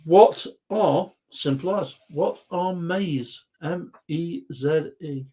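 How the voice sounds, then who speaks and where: Speaking slowly in a warm, fairly high voice, a man from Britain runs a relaxed live chat quiz. He cracks jokes and reads out comments from viewers.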